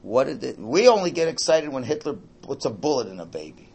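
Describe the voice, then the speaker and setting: An older man teaching a religious class to a room, lively and animated, often checking in with his listeners. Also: medium pitch, fairly quick, creaky, husky. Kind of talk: lecture to a class.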